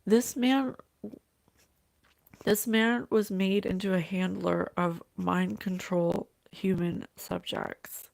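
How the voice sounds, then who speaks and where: Psychic host, woman. Slow and halting, relays messages from spirit, vocal fry, dry close sound. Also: medium pitch, fairly even intonation, dry recording. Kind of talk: thinking-aloud channeled reading.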